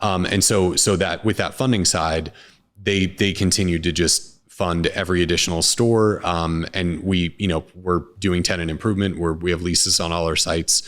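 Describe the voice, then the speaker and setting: Low-voiced man talking business, rambling. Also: normal speed. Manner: relaxed, rambling, with many restarts and fillers. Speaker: restaurant co-founder and CEO. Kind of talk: casual interview talk.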